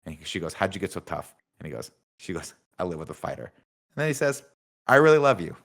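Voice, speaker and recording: Deep-voiced man recapping a film. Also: fast, creaky. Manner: deadpan, reads out film dialogue in recaps. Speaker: podcast host recapping a film. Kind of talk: casual recap chat.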